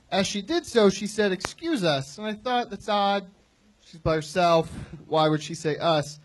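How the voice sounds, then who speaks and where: A man's voice: a little high, a little hiss or hum. A male stand-up comic telling a ranting, exasperated story at a live show. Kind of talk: stand-up set, then defending it. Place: live comedy venue.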